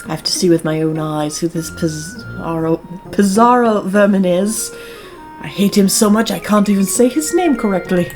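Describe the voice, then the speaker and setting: A woman's voice: medium pitch, animated, moderate pace, a little mellow, soft background music, lightly acted. Woman putting on a haughty rich snob. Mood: scheming. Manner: haughty, condescending. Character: snobby jealous rich young man.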